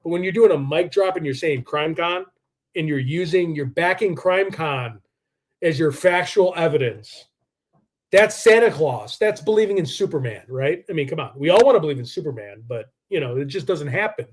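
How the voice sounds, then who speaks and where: A man hosting a live true-crime stream in a rambling, combative way. His voice sits a little higher than most men's. He fills his talk with "like" and restarts. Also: lively intonation, moderate pace. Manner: rambling, combative, heavy use of "like".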